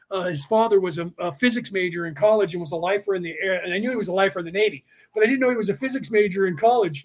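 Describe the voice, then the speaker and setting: A middle-aged man with a notably high-pitched voice, teaching a class in an easygoing, unscripted way. He wanders off on tangents and personal stories, circling back to his point as he goes. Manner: rambling, digressive storytelling. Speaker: class teacher and podcast host. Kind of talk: casual spoken lecture.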